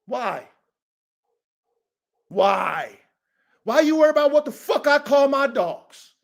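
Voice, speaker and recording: A man's voice: very high voice, very animated, takes it slowly, gravelly. A man hosting a livestream podcast, talking bluntly and profanely, getting fired up and repeating himself. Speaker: podcast host and dog breeder. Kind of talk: casual livestream rant. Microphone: live stream mic.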